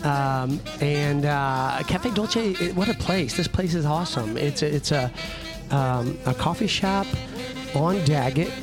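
A man's voice: fairly high pitch, lively intonation, measured pace, music in the background. Rambling male podcast host in a coffee shop. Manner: rambling, many fillers and restarts. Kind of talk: casual podcast chat.

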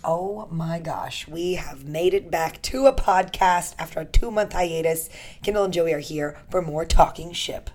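Bubbly low-voiced woman podcaster. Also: unhurried, darkish tone. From United States. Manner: bubbly, teasing, laughs often. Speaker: podcast co-host. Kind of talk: casual chat.

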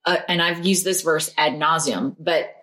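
A woman's voice: sits low, steady tone, moderate pace, fairly bright tone. A woman co-hosting a casual Bible study chat, affirming her partner and adding scripture references. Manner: supportive, chimes in with affirmations and verses. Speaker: podcast co-host.

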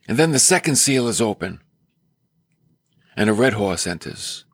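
A man preaching a sermon on scripture, emphatic, with dramatic swings in his pitch. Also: very animated, moderate pace, breathy edge, dry recording, clean studio sound.

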